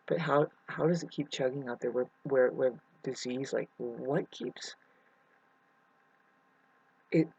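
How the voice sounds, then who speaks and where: A woman's voice: rumbling low, takes it slowly, gravelly, long pauses, darkish tone, breathy edge, no echo. A woman vlogger rambling through a searching spiritual monologue, speaking straight to the viewer and calling them "babes". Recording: muffled lo-fi audio.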